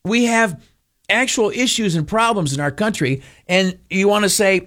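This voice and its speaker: A man's voice: high-pitched, moderate pace, a bit bright. A male talk radio host riffing through a loose opinion monologue. He rambles and stumbles over his words, piling on fillers and restarts, with a mocking, sarcastic edge.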